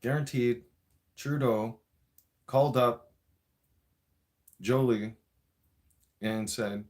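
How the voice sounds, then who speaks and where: A man's voice: fairly low pitch, lively intonation, measured pace, pauses often. A man in a profane, mocking political rant, cursing and repeating himself. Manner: vaping while talking. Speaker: vlogger.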